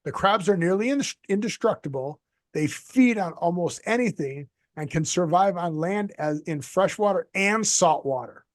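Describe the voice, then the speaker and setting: A man with a somewhat high voice chats casually as co-host over a video call. He rambles through his points and drops deadpan jokes. The sound is close and dry, with no room around it. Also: moderate pace, no room sound. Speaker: podcast co-host.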